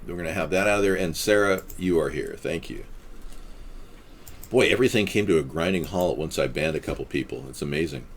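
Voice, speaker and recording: A man hosts a casual livestream chat with a low, deep voice. He muses in a deadpan, mock-guru way. Faint noise hums under the sound. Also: a little fast. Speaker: livestream host.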